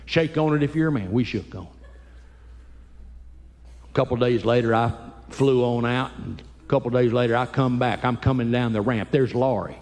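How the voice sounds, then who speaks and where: A man telling animated, folksy comic stories live in a church auditorium. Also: mid-range voice. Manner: animated, folksy, quick bursts. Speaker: Christian comedian. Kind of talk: live comedy storytelling. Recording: live hall with long reverb.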